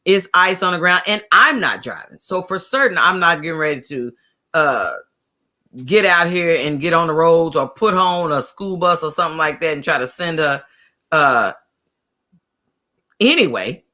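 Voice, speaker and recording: Female podcast guest, brand coach, casual banter, sharp bright tone. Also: sits low, animated, normal speed. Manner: laughing, incredulous banter. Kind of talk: casual chat.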